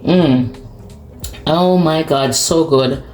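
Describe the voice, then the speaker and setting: Very slow and a little mellow, a deep female voice narrates a laid-back cooking vlog, with faint music playing behind her. She tastes and savors the food in her home kitchen while a pot boils amid echoey cooking noise.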